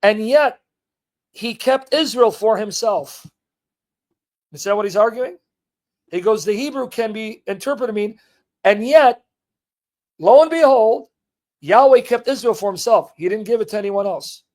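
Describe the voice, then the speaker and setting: High-voiced emphatic male livestream teacher. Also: unhurried, pauses often, darkish tone. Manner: emphatic, rhetorical questions to viewers. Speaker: host of a livestream. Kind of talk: live teaching and commentary, reading a text aloud.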